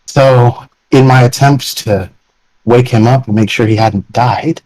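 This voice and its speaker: A man at a tabletop game talks his character through in long, rambling turns full of fillers. His voice sits at an ordinary pitch. The sound is dry and close. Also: unhurried, darkish tone, no echo, rough recording. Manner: rambling, filler-heavy explaining. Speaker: player. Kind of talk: tabletop role-play.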